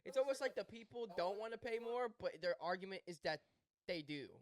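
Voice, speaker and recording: A fairly high-voiced man recorded close and dry. He chats casually on a podcast, animated and mocking, often swearing. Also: a little fast, no echo. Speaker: podcast co-host.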